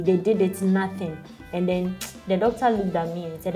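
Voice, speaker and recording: A woman's voice: on the low side, steady tone, moderate pace, dark tone, faint music behind. Chatty Ghanaian woman, easygoing. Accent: Ghanaian English. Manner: chatty, peppered with "like" and laughs. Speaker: interviewee mother. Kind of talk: casual chat.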